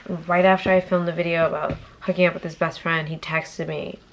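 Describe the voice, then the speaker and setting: A woman's voice: on the low side, level tone, brisk, dull audio. A young woman from Massachusetts telling a casual storytime vlog, chatty and profane, with whispered asides. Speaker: YouTuber.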